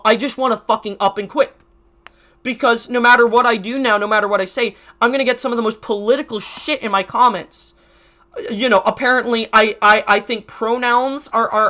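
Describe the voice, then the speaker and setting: A man's voice: very high voice, pushed and bright. A crying YouTuber man ranting to camera in an emotional vlog. He stutters, restarts his sentences and swears heavily.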